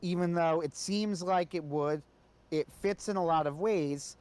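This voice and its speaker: A man's voice: fairly high pitch, measured pace, darkish tone, smooth. A man co-hosting a casual podcast discussion, talking conversationally and often checking in with "right?". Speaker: co-host.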